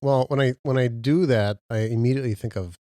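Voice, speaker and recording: A man's voice: medium pitch, fairly quick, mellow, dry recording, clean studio sound. A man from Minnesota co-hosting a casual podcast, rambling and boasting as he tells stories. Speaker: podcast co-host.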